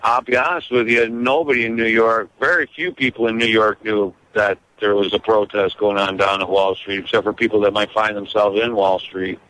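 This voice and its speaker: A man's voice: on the low side, fairly even intonation, fairly quick, hardly any pauses, fairly bright tone, slight background noise, low-quality recording. A man hosting a talk radio show by phone, rambling and self-deprecating in casual chat. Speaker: regular host calling in from the protest.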